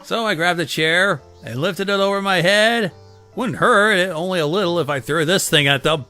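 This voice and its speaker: A man's voice: sits high, normal speed, bright, forceful tone, faint music behind. A man reading a visual novel aloud as a let's play host, swearing and reacting as he goes. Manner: casual, profane, reacts mid-read. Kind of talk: reading a game aloud with commentary.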